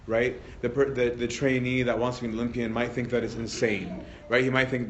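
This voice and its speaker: A man's voice: mid-range voice, fairly even intonation, quick pace, hardly any pauses, slight background noise. Priest, male, mid-range voice, casual lecture delivery, keeps checking in with listeners. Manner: peppers sentences with tag questions and restarts. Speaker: priest teaching a Bible study. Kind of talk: conversational teaching talk.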